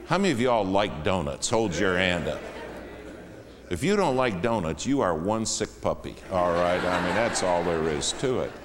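A man's voice: low-pitched, sing-song, moderate pace, in a large hall, background noise. A man preaching a sermon, telling a story with folksy humor. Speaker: pastor.

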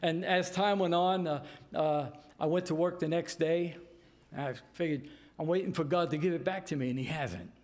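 An older man from New York tells a personal story in a casual, animated way, acting out the voices of the people in it. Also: on the high side. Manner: animated, repeats "I said" and acts out voices in his story. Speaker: storyteller giving a testimony.

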